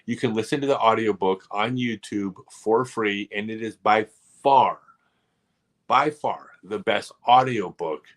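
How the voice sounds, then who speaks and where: A man hosting a casual live stream, telling rambling, animated stories full of asides. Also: fairly low pitch, a little slow.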